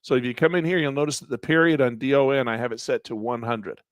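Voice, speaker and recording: A man teaching a live online trading class. He walks through charting software step by step in a conversational way, clears his throat often, and says he is losing his voice. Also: medium pitch, fairly even intonation, fast, no echo. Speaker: trading instructor.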